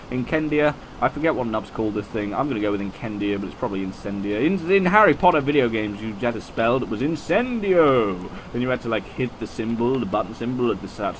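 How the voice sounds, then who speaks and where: A man in his twenties giving casual, rambling video game commentary, chatty and self-mocking, with swings in pitch. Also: a little hiss or hum, low-quality recording.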